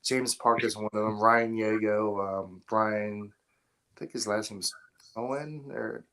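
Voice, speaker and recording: A man's voice: fairly low pitch, fairly even intonation, unhurried, bright, forceful tone. A man as a podcast guest, talking bluntly and profanely in casual chat, rambling through stories. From Atlanta area, US. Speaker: podcast guest, film installer.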